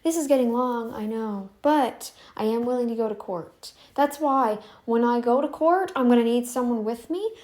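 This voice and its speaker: Off camera in a room at home, a woman hosting a YouTube commentary channel delivers a casual direct-to-camera monologue, confrontationally repeating her demands and often restarting. Her voice is a little high and darkish, at normal speed with hardly any pauses.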